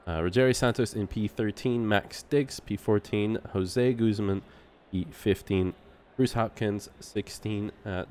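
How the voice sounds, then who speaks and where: A man doing live sim racing commentary, relaxed and laughing often, tripping over driver names. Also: on the low side, a little hiss or hum.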